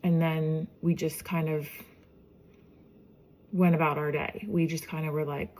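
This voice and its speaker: A woman's voice: sits low, flat delivery, measured pace, darkish tone. A woman in her forties, a mother, telling her own story in a casual, chatty way and often acting out what others said.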